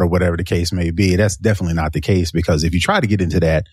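Deep raspy guy cohosting a podcast, dry sound, kinda rambly. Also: racing, no room sound. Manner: rambling, searching for words, many "you know"s. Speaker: podcast co-host. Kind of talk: casual tech discussion.

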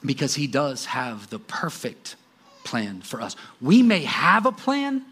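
A man's voice: medium pitch, huge pitch swings, takes it slowly, a bit bright, slightly rough. Guy in his 40s preaching, swoops up and down a lot, jokey storytelling. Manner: storytelling with self-deprecating humor and laughs. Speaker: pastor. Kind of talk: sermon.

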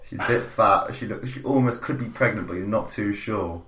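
A man's voice: lowish voice, normal speed, pushed and bright. A man hosting a casual podcast, laughing and hesitant as he sets up improv scenes. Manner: laughing, hesitant, acts out police officer. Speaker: podcast host. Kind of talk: casual improv game chat. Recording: roomy with faint noise.

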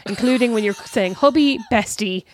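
A woman's voice: fairly high pitch, moderate pace, a little hiss or hum. A woman, co-hosting a casual podcast chat, blunt and teasing. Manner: blunt, teasing, complains with relish. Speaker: podcast co-host. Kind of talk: casual banter.

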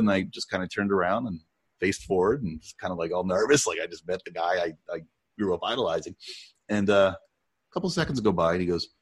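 A man with a low, slightly husky voice co-hosts a casual podcast. He tells stories with animated energy and laughs often. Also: fast. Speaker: podcast co-host. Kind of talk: casual chat.

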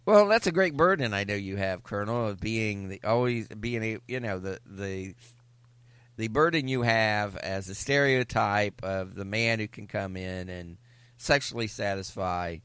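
A man co-hosting a comedy podcast, reading a film star's biography from notes and often pausing on fillers. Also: fairly low pitch, fairly bright tone, smooth, no room sound. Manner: reads notes with frequent filler pauses. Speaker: podcast co-host.

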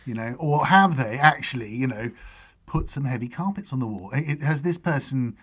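A middle-aged man, chatting casually and telling lively anecdotes as a podcast host. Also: moderate pace, slightly rough. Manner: animated anecdotes with high-pitched character voices. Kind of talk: casual storytelling chat.

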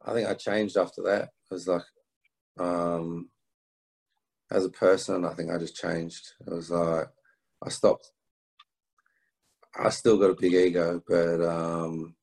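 A middle-aged man from England, telling a personal story as an interview guest, halting with restarts and fillers. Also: deep voice, flat delivery, gravelly, darkish tone, low-quality recording. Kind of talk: reflective storytelling.

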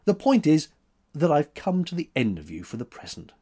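A man's voice: wildly swooping pitch, dark tone, slightly rough, full character voice. A man voicing a spirited, defiant young woman sculptor who talks in a raised, teasing voice. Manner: teasing, quick-tempered, higher voice.

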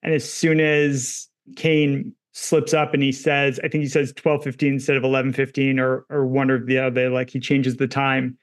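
A man co-hosting a film podcast, calmly breaking down camera work and themes of a movie. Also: mid-range voice, moderate pace, few pauses. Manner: analytical, talks through film technique. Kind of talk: casual film discussion.

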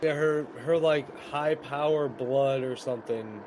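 A man's voice: on the high side, a little slow, background noise. A man co-hosting a movie commentary podcast, joking crudely in casual banter. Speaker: podcast co-host.

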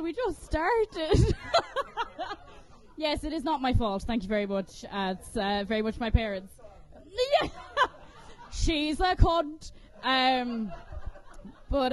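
A woman from Kerry doing a chatty, profane stand-up set, laughing often between lines, on a stage microphone in a comedy venue. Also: high-pitched. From Kerry, Ireland.

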